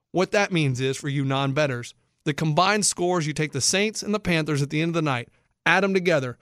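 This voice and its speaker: A man hosting sports talk, animated and incredulous as he explains bets to listeners. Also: on the high side, no room sound, studio quality. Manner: excitable, incredulous, explains for non-bettors. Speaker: sports radio host.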